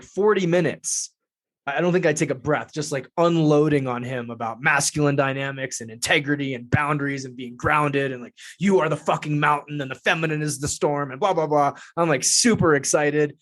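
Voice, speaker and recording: Energetic, foul-mouthed male storyteller. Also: a little high, normal speed. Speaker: podcast guest. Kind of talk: casual storytelling.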